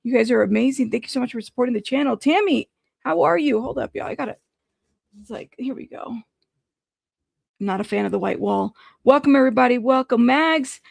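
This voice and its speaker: A high-pitched woman with a heavily gravelly, fry-laden voice hosts a casual livestream, rattling off shout-outs to viewers by name. The sound is dry and close, with no room around her. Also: dry recording. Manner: chatty, greets viewers by name in quick bursts. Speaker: livestream news commentary host. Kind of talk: casual live-stream chat.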